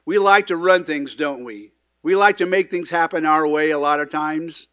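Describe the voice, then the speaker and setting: A man's voice: a little high, normal speed, dry recording, studio quality. Earnest man preaching a casual sermon. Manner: conversational preaching with frequent restarts and asides; acts out quoted lines with sudden loud emphasis. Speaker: pastor. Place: church sanctuary.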